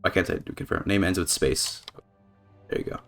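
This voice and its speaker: A young man from Canada giving rambling, excitable commentary on a strategy game he is playing. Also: low-pitched, a little fast, creaky, soft background music. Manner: rambling, excitable, swears and laughs often. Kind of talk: casual gameplay commentary.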